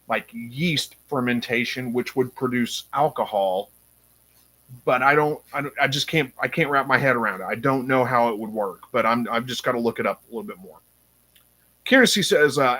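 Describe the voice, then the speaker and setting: A man hosting a casual live stream, reading viewer comments aloud and thinking out loud with frequent ums. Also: medium pitch. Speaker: livestream host reading chat.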